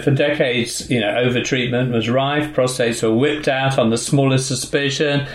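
A man, the interviewer, asking a prepared question in a measured, articulate way, recorded in an echoey room. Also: mid-range voice. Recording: roomy, echoey sound.

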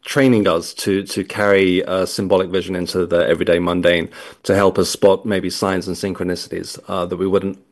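A man's voice: sits low, little pitch movement, fairly quick. A British man, a returning guest, asking a question with hesitant restarts. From Britain. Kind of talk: casual questioning.

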